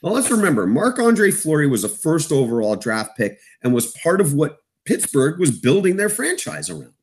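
A man from Eastern Canada co-hosting a hockey podcast, his pitch leaping all over as he gets excited. He talks fast and jokey, riffing on the playoffs. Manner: excitable, jokey, jumps in pitch when amazed. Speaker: co-host hockey analyst. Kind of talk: sports podcast chat.

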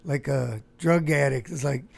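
A man hosting a casual conversation, his voice hoarse and rambling with fillers. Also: mid-range voice, measured pace. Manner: relaxed, rambling chatter with frequent fillers. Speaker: host. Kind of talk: casual chat.

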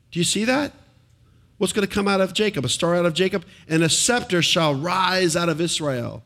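Animated preaching man, somewhat high voice. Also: normal speed, vocal fry. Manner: animated preaching, asks the congregation questions. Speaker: pastor. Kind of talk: sermon. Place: church before a congregation.

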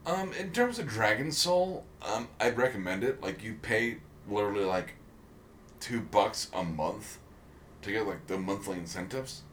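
A man's voice: on the low side, animated, measured pace, fairly bright tone, a little hiss or hum. A man co-hosting a casual podcast chat, rambling with many ums and restarts. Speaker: podcast co-host.

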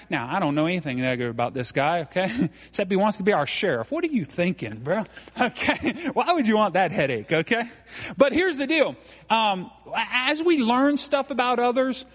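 High-voiced Cajun pastor in a reverberant church. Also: male voice, fairly bright tone. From South Louisiana. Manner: folksy and joking, tags lines with "okay?". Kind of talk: live sermon. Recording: reverberant hall.

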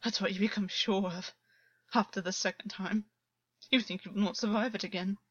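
A woman's voice: medium pitch, fairly even intonation, normal speed, a bit bright, breathy edge, no room sound, highs cut off. A woman voicing a tormented male water-horse fae. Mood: despairing. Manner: frantic, broken pleading.

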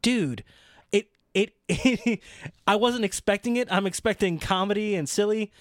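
A man co-hosting a casual chat about wrestling, excitable and rambling, often laughing as he talks. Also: sits high, moderate pace, no room sound, clean studio sound. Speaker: podcast co-host.

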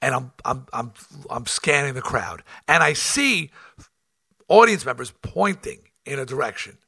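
A man, a rock band front man, telling tour stories in a blunt, profane, animated way, acting out what was said and often restarting his sentences. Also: mid-range voice, a little slow, vocal fry, slightly rough, no room sound, clean studio sound. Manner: animated, acts out quotes, frequent restarts. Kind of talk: casual storytelling.

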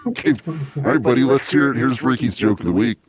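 A man's voice: medium pitch, expressive, quick pace, slightly rough. A man hosting a casual comedy podcast, chatty and rambling. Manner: chatty, laughs easily, rambling. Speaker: podcast host.

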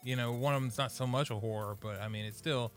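A man co-hosting a relaxed podcast, with a bright, forward tone at a middle pitch. He rambles easily and fills his sentences with "you know" and "like". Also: fast talker, faint music behind. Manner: easygoing, rambling, many fillers. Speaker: podcast co-host. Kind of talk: casual chat.

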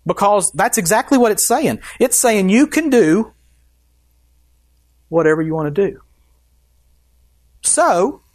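A man's voice: high-pitched, animated, takes it slowly, long pauses. A male pastor preaching a sermon in an emphatic way. He keeps asking his listeners direct questions and answers them himself. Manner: emphatic, asks the congregation questions.

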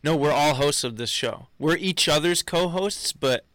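A man co-hosting a comedy podcast, chiming in with quick deadpan one-liners. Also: on the high side, no echo. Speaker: podcast co-host. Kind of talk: casual comedy podcast banter.

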